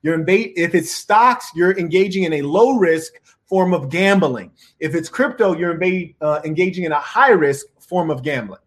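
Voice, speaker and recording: A man with a noticeably high-pitched voice delivers motivational advice in a preachy, self-assured way. He reads out viewer messages and answers them, addressing his audience as saints and punctuating his points with "you dig?". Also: moderate pace. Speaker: channel host answering viewer questions.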